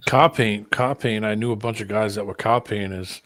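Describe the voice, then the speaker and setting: A man's voice: fairly low pitch, fairly even intonation, moderate pace, fairly bright tone, no room sound. A man in a casual chat, mostly chiming in with brief agreement.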